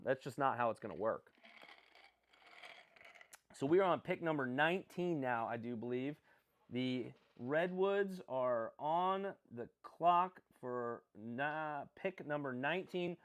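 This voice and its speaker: Over lo-fi audio, a young streamer with a slightly high voice reacts to a sports draft live, excited and rambling, frequently catching and fixing his own words.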